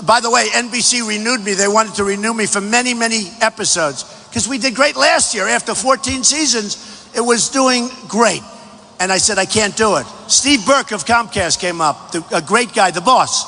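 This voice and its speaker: A man delivers a rally speech in a high, bright voice that rings through a huge hangar with a long echo. He is boastful and repeats himself, and he often rises to a shout. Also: moderate pace. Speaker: presidential candidate. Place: large packed hangar. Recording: echoey hangar hall.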